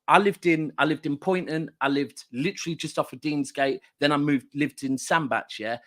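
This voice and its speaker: A middle-aged man from Manchester chats as a guest football fan, telling anecdote after anecdote in an easy, talkative way. His voice sits a little higher than most men's. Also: moderate pace. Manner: chatty, storytelling, lively anecdotes. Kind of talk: casual football chat.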